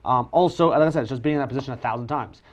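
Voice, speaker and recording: A professional magician chatting casually, self-deprecating and full of restarts. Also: male voice, mid-range voice, rapid-fire, muffled recording. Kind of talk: casual conversational chat.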